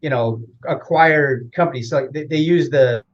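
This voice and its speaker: A man's voice: mid-range voice, normal speed, dull audio. A man as an interview guest, explaining at length in a rambling casual way with frequent fillers and restarts.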